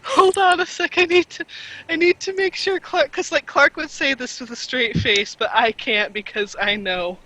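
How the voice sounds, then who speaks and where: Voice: high-pitched, steady tone, moderate pace, pushed and bright, low-quality recording. A tabletop game player chatting casually, stepping in and out of character, prone to giggling and restarting sentences. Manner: giggly, talks in restarts and fillers.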